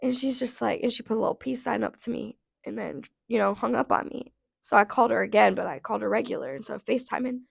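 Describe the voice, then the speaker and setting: A woman in her thirties telling a casual storytime rant, blunt and profane, her voice going hoarse, with lots of "like" fillers. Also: fairly high pitch, fast talker. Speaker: vlogger.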